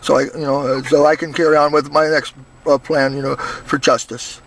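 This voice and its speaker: Host type, man, stammering and restarting, slightly high voice. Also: flat delivery, a little hiss or hum. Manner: halting, repeats words and restarts often. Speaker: channel host. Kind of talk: casual chat and phone calls.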